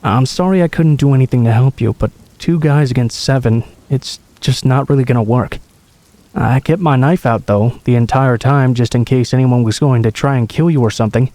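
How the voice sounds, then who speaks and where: A man doing a steady, earnest country boy. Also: mid-range voice, moderate pace, dry recording, natural voice. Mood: reassuring. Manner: earnest, reassuring. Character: steady young male country boy, protective.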